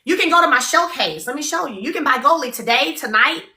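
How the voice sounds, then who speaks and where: An upbeat woman runs a live shopping stream, chatting and urging viewers to buy. Her voice is bright and a bit higher than usual. It is recorded on a phone in an echoey room. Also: lively intonation, fast talker. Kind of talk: live-stream sales pitch.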